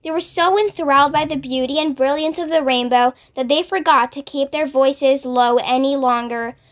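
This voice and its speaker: Woman reading a kids book out loud, expressive, high voice. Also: moderate pace. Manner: expressive storytelling. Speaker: storyteller. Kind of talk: reading a children's book aloud.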